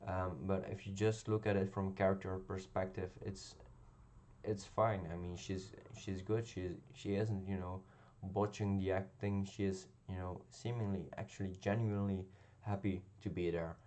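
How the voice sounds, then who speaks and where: Low, flat-voiced man reviewing a show. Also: normal speed. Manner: hesitant, many ums and restarts. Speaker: video reviewer. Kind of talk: casual spoken review.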